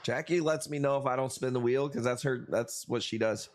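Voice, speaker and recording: A man's voice: medium pitch, fairly quick, slight background noise. Loose-talking guy hosting a stream. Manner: loose, profane banter with viewers, says dude a lot. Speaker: live coral auction stream host. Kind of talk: casual live-stream chat and auctioneering.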